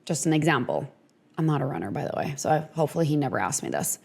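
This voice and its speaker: A young woman chats her way through advice on her podcast, filling her talk with "like" and "you know". Her voice sits a little low for a woman. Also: big pitch swings, racing, gravelly, darkish tone, breathy edge. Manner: chatty, frequent "like" and "you know". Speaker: podcast host.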